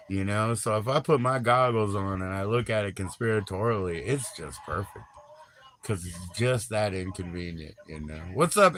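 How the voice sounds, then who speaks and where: A man's voice: lowish voice, a bit bright, slight background noise. Rambling man chatting on a livestream. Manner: rambling, slangy, jumps between topics and greets chatters. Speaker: livestream host. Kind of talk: casual livestream chat.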